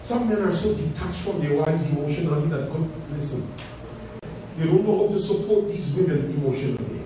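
A middle-aged man preaching a Pentecostal sermon as pastor, swinging between shouted peaks and low, quiet asides. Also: animated, fairly quick, recorded from a distance. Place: large church sanctuary. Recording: echoey church hall, heard from afar, with noise.

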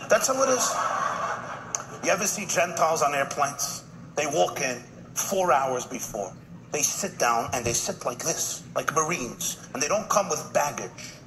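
Rabbi guy doing a comic speech, kinda high voice, repeats his punchlines, lots of noise on the recording. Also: big pitch swings, fairly bright tone. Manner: punchy joke-telling with quick asides and repeated punchlines. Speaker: rabbi giving a humorous speech. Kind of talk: live comic speech telling jokes. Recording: noisy live event recording.

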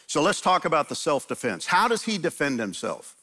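A middle-aged man, a pastor, preaching a conversational sermon in a church, telling stories in a lively way and acting out quotes. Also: a little high, fairly quick. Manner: animated storytelling, acts out quotes. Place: church sanctuary.

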